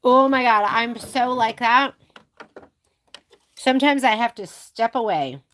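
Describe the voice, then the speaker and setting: A woman's voice: a little high, unhurried, fairly bright tone, slight background noise. A young American woman teaching a casual live stitch-along, chatting with viewers as she works. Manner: chatty, talks to viewers while working. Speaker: sewing instructor.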